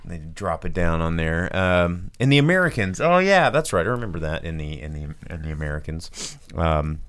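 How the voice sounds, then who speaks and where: Deep-ish guy rambling about movies, voice bouncing all over, laughs a lot. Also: normal speed, smooth. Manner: rambling, laughs often, animated swings in pitch. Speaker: podcast co-host. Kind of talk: casual movie chat.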